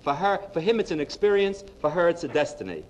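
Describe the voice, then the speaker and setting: A man's voice: fairly high pitch, fast talker, low-quality recording. A man giving a humorous lecture on psychology to a live audience, telling jokes and speaking to the audience directly. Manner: lively storyteller, punchline-driven, addresses the audience directly.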